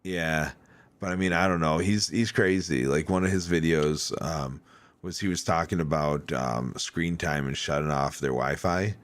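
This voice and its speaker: A man hosting a podcast, chatting casually and telling animated, rambling stories full of fillers. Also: extremely low pitch, normal speed, dry recording. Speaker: podcast host. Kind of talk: casual chat.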